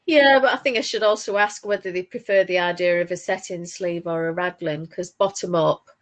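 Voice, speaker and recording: Woman, low-pitched, from northern England, casual craft chat, rambling with restarts. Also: brisk. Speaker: podcast co-host.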